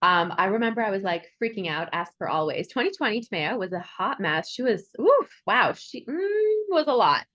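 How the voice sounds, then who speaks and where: A woman's voice: medium pitch, sing-song, moderate pace, hardly any pauses, fairly bright tone. A woman hosting a podcast interview, chatting casually, laughing often and acting out quoted lines with bubbly energy. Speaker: podcast host.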